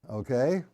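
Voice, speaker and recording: Guy teaching drums live, counts the beats out loud, easygoing. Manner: casual, explanatory, counting beats aloud. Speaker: drum teacher. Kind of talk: live-streamed drum lesson.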